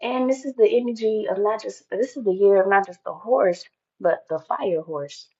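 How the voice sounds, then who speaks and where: Woman tarot reader, slow and gravelly, emphatic and spiritual, dull lo-fi sound. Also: medium pitch, dark tone. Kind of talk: intuitive tarot reading monologue.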